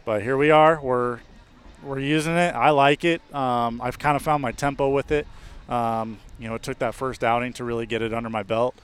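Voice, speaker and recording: A man, a baseball pitcher, talking casually in an interview, relaxed, with fillers and restarts. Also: normal speed, smooth. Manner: relaxed, with many fillers and restarts, laughs easily.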